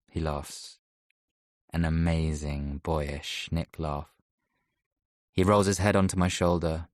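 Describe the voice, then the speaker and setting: A man narrates a first-person audiobook softly and reflectively. His voice sits low, and the close studio recording is dry with no room sound. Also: flat delivery, slow, pauses often, no echo. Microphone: close studio mic.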